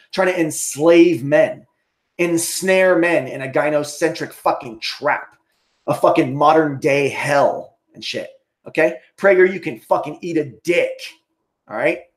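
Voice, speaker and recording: A man livestreaming an angry, profane rant, ending most points with "okay?". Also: fairly high pitch.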